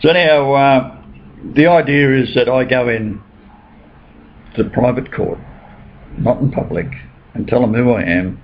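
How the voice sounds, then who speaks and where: Unhurried and leaving long pauses, a man with a mid-range voice insists on religious claims while rambling in casual conversation. The lo-fi recording is dull, carrying faint noise.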